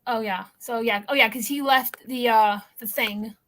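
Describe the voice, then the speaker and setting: A woman co-hosting a casual podcast chat, talking in quick, chatty asides. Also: fairly high pitch, fairly even intonation, a bit bright. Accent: non-local accent that others remark on. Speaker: co-host.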